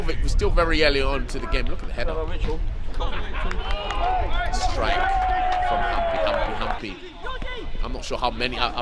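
Excitable young man commenting on his football team. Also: on the high side. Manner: excitable, partisan, casual slang. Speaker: club commentator. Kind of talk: fan match commentary. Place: outdoors at a football pitch. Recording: loud crowd around the mic. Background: crowd noise.

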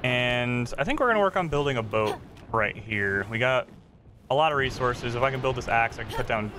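A man giving casual let's-play commentary while gaming, chatty and excitable, reacting out loud to the game. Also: mid-range voice, fairly quick, a little hiss or hum. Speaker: gaming streamer.

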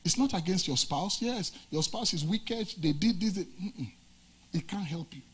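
A man from Nigeria preaching a sermon in a fairly high, husky voice. He swings between loud, emphatic lines and low, quiet asides. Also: lively intonation, normal speed. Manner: preaching with dramatic swings of pitch and volume. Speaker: pastor.

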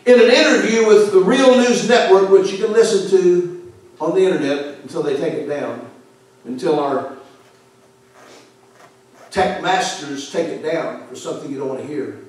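A fiery male pastor preaches in a fairly high voice, leaning hard into some words and sinking low on others. The room rings with heavy echo, and he sounds set back from the microphone. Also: normal speed, long pauses. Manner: emphatic, forceful preaching with sudden drops in volume. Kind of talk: fiery sermon. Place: church sanctuary. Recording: echoey church hall from far off.

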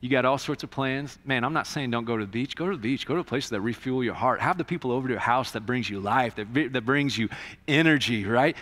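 Pastor guy preaching, chatty and fired up then going quiet, bright voice bouncing round a big church. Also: mid-range voice, fast talker, in a large hall. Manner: conversational preaching, swings from loud to hushed. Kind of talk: sermon. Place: church sanctuary.

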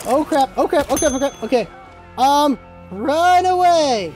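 A let's play host giving excited gameplay commentary, yelping, swearing freely and repeating words in rapid bursts. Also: high voice, soft background music. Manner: swears freely when things go wrong.

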